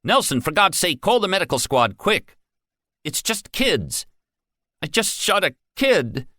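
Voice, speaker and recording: A panicked company security guard with a shaking voice, as a male narrator puts him on. The pitch rides well above his usual low register and jumps around. It sounds close and dry. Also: sing-song, moderate pace, bright, forceful tone, dry recording.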